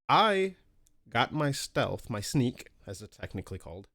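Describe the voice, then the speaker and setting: A man co-hosting a casual podcast, telling gaming stories with lots of swearing and excited squeaky voices for his asides. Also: a little slow. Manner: animated storytelling, swears freely, jumps up in pitch for quoted asides. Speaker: podcast co-host.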